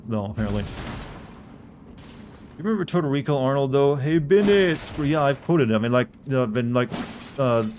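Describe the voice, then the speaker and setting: A man's voice: medium pitch, darkish tone, slight background noise. Rambling man streaming a game. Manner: rambling, self-correcting, chatting with viewers. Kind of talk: casual live gameplay commentary.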